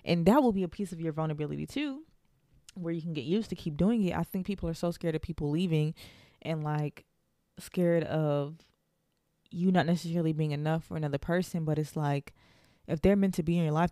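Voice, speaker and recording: A woman's voice: deep voice, a little fast, mellow, no echo, studio quality. A young woman hosting her own podcast, talking earnestly and encouragingly in a casual monologue. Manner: earnest, encouraging, faith-filled. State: out of breath. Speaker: podcast host.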